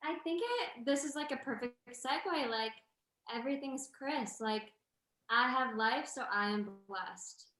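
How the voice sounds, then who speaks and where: A woman's voice: high-pitched, pushed and bright. Earnest woman in an echoey room. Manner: earnest, reflective, halting. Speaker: interview guest. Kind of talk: casual interview chat.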